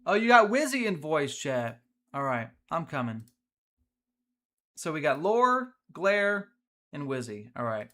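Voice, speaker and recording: A man hosting a live gameplay stream, energetic and chatty, talking to his viewers as he plays. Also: a little high, unhurried, long pauses. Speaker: streamer, host.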